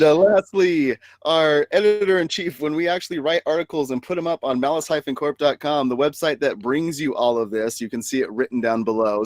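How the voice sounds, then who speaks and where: A man's voice: mid-range voice, dry recording. A man hosting a casual podcast chat, talkative and easygoing, laughing often between his sentences. His voice sits in a mid range and comes through a dry, close recording with no room sound. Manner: chatty, laughs often, loose restarts. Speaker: podcast host.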